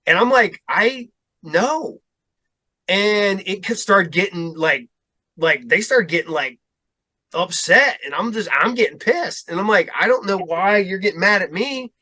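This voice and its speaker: A man's voice: high-pitched, expressive, measured pace, bright, forceful tone. A middle-aged man hosting a podcast, chatting casually and rambling through a story as he quotes himself and others. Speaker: podcast host. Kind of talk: casual chat.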